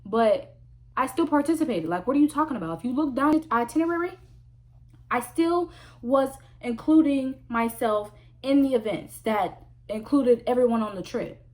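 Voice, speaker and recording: Sex: woman. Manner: emphatic, slangy storytelling. Pitch: high. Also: moderate pace. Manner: animated, emphatic, slangy, repeats points for effect. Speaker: vlogger telling a story. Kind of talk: casual story time.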